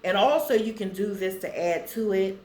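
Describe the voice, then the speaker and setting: A woman vlogger casually talking to viewers and slowly reading affirmations aloud so they can write them down. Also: medium pitch, darkish tone, echoey room, slight background noise. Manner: slow, deliberate reading for viewers to copy.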